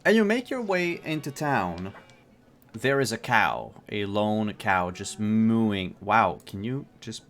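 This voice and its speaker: A man running a tabletop game as game master, narrating in a relaxed way with frequent fillers. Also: on the low side, takes it slowly.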